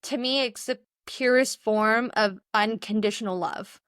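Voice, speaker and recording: A woman's voice: fairly high pitch, measured pace, fairly bright tone, clear, resonant tone, no room sound, studio quality. A young adult woman co-hosting a podcast, talking in a rambling, earnest, chatty way. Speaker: podcast co-host. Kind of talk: casual chat.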